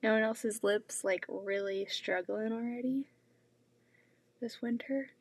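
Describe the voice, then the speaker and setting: Slow-talking woman chatting on a quilting live stream. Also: on the high side, fairly even intonation. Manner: chatty, with frequent "like" fillers. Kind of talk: casual live stream chat. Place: home sewing room.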